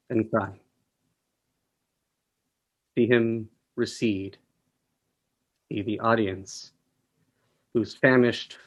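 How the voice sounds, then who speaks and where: A man, an actor, reading a short story aloud with measured, deliberate phrasing over a video call. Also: medium pitch. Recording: dull lo-fi audio.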